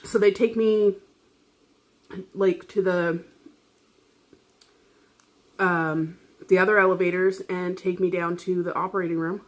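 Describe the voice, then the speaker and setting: Woman vlogger, low-ish voice, loose rambling story-time delivery, frequent swearing and laughter. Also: steady tone, a little slow, pauses often. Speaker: vlogger telling a personal story. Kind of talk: casual story-time chat.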